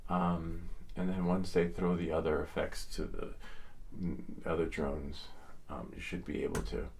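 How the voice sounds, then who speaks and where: A man's voice: low-pitched, flat delivery, a little slow, darkish tone, slight background noise. A man hosting a casual livestream, answering viewer questions in a rambling way that trails off and restarts with many ums.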